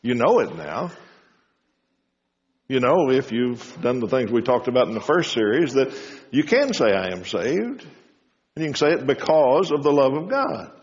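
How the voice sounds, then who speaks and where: A man delivers a sermon in a homespun storytelling way, lifting his voice high for quoted lines. The sound is dull and lo-fi, with a long reverb trailing each phrase. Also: very animated, normal speed. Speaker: preacher.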